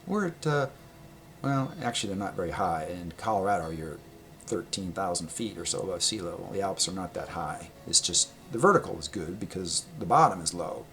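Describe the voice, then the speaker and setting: A man casually telling a personal travel story, rambling and correcting himself, laughing often and getting animated when he quotes people. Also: deep voice, a little fast, soft background music. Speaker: vlogger.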